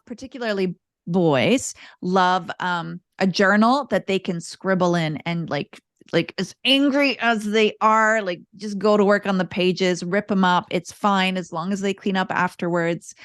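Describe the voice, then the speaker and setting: A woman speaking as a podcast guest, explaining parenting steps calmly and often repeating words as she thinks. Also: mid-range voice, dry recording, studio quality. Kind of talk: casual interview talk.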